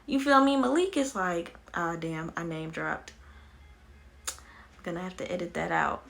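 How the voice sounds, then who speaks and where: Bright-voiced young woman, blunt and profane. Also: fairly low pitch, unhurried, creaky. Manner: animated, blunt and profane, many fillers. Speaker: vlogger. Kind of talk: candid personal storytelling.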